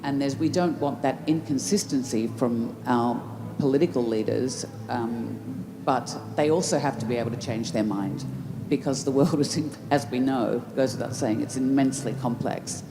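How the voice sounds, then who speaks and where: A woman's voice: extremely low pitch, moderate pace, few pauses. A woman answering audience questions at a festival Q&A, reflective, often restarting mid-thought. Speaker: festival Q&A guest. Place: large festival tent. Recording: roomy festival tent with background noise.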